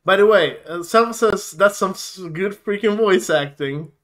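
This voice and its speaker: Slow, halting man chatting on a podcast. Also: sits high, fairly bright tone. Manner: halting, many fillers and restarts, laughs often. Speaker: podcast co-host. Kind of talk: casual chat.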